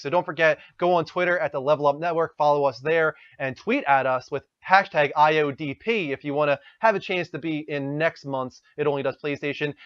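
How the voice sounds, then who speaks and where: A man with a fairly high voice hosts a casual gaming podcast, talking enthusiastically as he wraps up and reads out thanks to his followers. The recording sounds dull, lo-fi, and dry, with no room sound.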